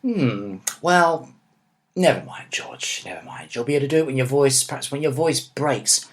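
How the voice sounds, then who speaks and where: A man playing a patient father in a comedy chat, gently encouraging his son and calling him by name again and again. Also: medium pitch, animated, normal speed.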